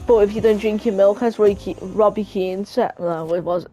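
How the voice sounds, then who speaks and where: A woman's voice: medium pitch, steady tone, moderate pace, mellow, soft background music, natural voice. Woman putting on a Scouse football bloke. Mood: chummy. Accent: Scouse put-on. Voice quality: exaggerated put-on voice. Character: Scouse football club man, chummy, blunt.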